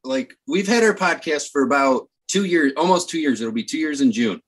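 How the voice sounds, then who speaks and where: A man's voice: a little high, animated, moderate pace, husky. A man who is a guest on a podcast, chatting casually and telling a rambling story in an easygoing way. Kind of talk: casual chat.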